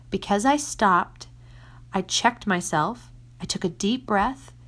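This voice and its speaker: A woman, a mother of six, giving casual faith-based advice in an earnest way, sometimes dropping to a soft whisper for emphasis. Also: mid-range voice. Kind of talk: casual Christian teaching talk.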